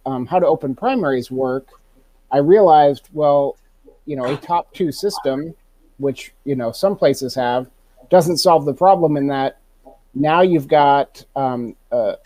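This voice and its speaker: A man from Alaska speaks on a panel about reform work, with a mellow, warm tone. His delivery is conversational, thinking aloud through fillers. The sound is dry and close. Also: on the high side, no room sound, low-quality recording. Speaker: ballot reform campaigner. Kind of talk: panel discussion answer.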